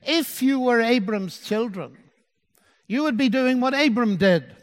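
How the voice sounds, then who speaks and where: High-voiced man preaching in a reverberant hall. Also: animated, measured pace. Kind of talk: sermon.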